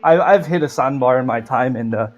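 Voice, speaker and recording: A man voicing a friendly, rambling middle-aged Irish sailor in a put-on Irish accent during a tabletop game, pausing often with "uh". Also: medium pitch, highs cut off, close to an everyday voice. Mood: chummy. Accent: put-on Irish, heard by others as Canadian. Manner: hesitant, full of "uh" pauses. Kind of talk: tabletop role-play voice.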